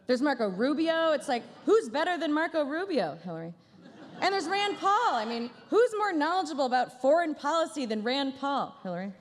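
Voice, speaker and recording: A woman's voice: sits high, big pitch swings, brisk, long reverb tail. A woman comedian doing a stand-up roast at a banquet dinner, with a dry, sarcastic delivery and playful asides. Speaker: comedian headlining a gala dinner. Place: large banquet hall.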